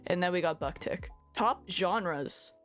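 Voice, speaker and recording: Chatty woman vlogger over soft music. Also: fairly low pitch, unhurried. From Canada. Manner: chatty, self-deprecating, stumbles over foreign titles. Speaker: VTuber host. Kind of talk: casual chat reading out music stats.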